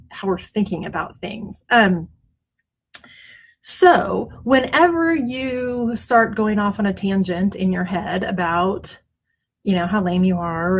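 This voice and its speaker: A middle-aged woman talking to camera from home, casual and encouraging, with lots of ums and restarts. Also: medium pitch. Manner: chatty, warm-hearted, many ums and restarts; often glances at her notes. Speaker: web designer hosting a weekly mindset video. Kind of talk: casual self-help talk to camera. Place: at home, front yard noise outside.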